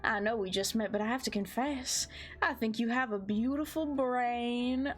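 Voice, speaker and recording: A woman's voice: on the high side, moderate pace, soft background music, natural voice. Woman putting on a folksy old chicken colonel. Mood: charming. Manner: folksy drawl with howdy-style greetings. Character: older male fried-chicken chef, folksy and genteel.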